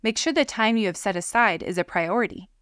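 A woman giving calm, measured scripted narration of parenting guidance. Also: medium pitch, no echo, clean studio sound. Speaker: parenting educator.

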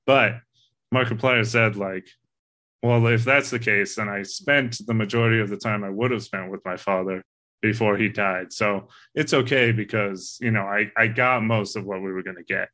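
A man's voice: lowish voice, steady tone, normal speed, sharp tone. A man co-hosting a casual movie discussion, talking in an earnest, rambling way and swearing casually. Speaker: podcast co-host.

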